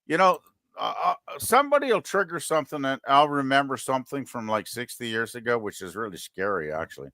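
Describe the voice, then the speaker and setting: A Canadian man in his sixties co-hosting a casual livestream chat, talking in animated rants and stumbling over restarts. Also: mid-range voice, brisk, dry recording, clean studio sound. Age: 60s. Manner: animated, repeats and restarts words, exasperated rants. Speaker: livestream co-host.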